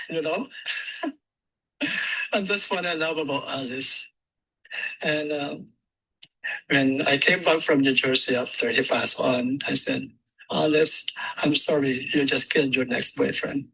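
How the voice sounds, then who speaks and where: Man delivering a personal eulogy: slow, tender, anecdotal, with a bright edge to the voice. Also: on the high side, gravelly, husky, rough recording. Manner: gentle, heartfelt, unhurried storytelling with nonstandard grammar. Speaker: eulogy speaker.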